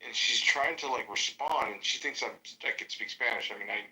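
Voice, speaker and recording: American man, very bright tense voice, profane storytelling, podcast co-host. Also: a little fast, a little hiss or hum, rough recording. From United States. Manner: profane, storytelling, jumps high to mimic others. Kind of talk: casual chat.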